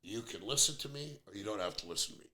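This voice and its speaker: A man's voice: on the low side, expressive, racing, pushed and bright. A man in his fifties hosting a podcast, talking bluntly and airing strong opinions in a casual chat. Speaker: podcast host. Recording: roomy echo.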